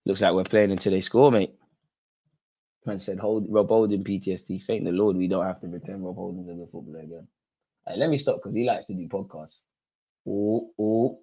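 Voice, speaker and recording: A young man hosting a football watch-along, reacting live to the match in a slangy, excitable way and pleading with the players. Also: fairly low pitch, a little fast. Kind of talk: live reactive commentary to viewers.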